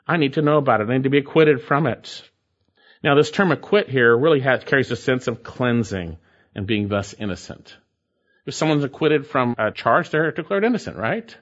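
A man's voice: medium pitch, lively intonation, normal speed, muffled recording. A man preaching an expository sermon, emphatic and repeating key phrases to drive points home. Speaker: pastor.

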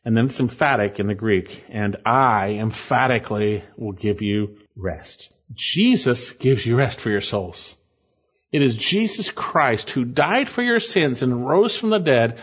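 Earnest male preacher, slow and pleading. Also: medium pitch, animated, breathy edge, dull audio. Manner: earnest, pleading, emphatic with slow stressed phrases. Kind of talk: sermon.

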